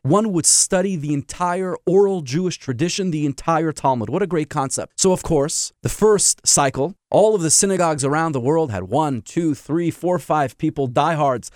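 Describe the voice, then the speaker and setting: A man's voice: a little high, normal speed, hardly any pauses, darkish tone, dry recording, studio quality. A man, a rabbi, giving a sermon full of stories and emphatic rhetorical questions. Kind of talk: sermon with storytelling.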